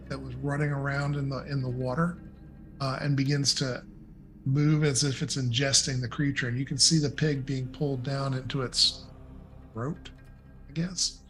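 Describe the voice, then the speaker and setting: A man narrating a tabletop game as dungeon master, describing scenes in a relaxed way with frequent fillers. His voice sits a little high for a man, and soft music plays faintly behind him.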